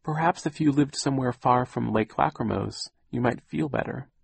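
A man's voice: medium pitch, moderate pace, creaky, husky, no echo, pitched above the performer's own voice. A man voicing a shy, polite teenage girl in an audiobook reading. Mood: timid. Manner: timid, polite. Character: timid, bright teenage girl.

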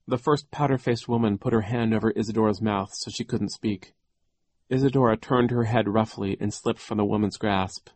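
Male audiobook narrator, lowish voice, measured delivery, dry booth sound. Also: fairly even intonation, dry recording. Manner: measured, deliberate storytelling.

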